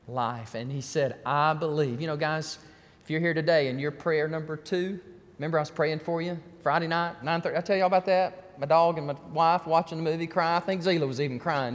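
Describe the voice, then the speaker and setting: Man, pastor, fervent, repeats words, builds to shouts, sermon in a church hall, reverberant. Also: a little high. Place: church sanctuary.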